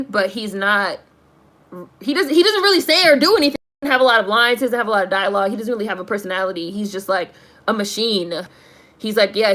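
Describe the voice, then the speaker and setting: Medium in pitch and a little bright, a woman's voice carries a laid-back, profane rant about a movie aimed at her stream chat. She's exasperated yet laughing, with "like" in nearly every line.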